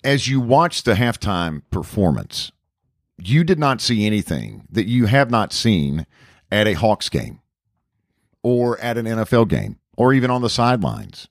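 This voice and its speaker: A man co-hosting a radio show, teasing and joking in a wry, deadpan way during casual chat. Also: on the low side, measured pace, no echo, studio quality. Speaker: radio co-host.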